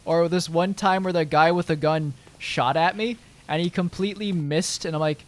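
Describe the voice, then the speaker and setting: A man's voice: a little high, steady tone, moderate pace. A young man streaming, chatting casually to his viewers in a rambling way, full of fillers and swearing.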